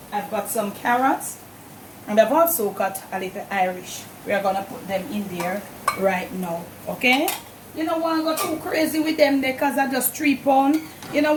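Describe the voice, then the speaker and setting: A woman's voice: on the high side, a little hiss or hum. A middle-aged woman with a Jamaican accent hosting a home cooking demonstration, chatting to viewers as family and repeating "look at me here". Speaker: cooking show host. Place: home kitchen.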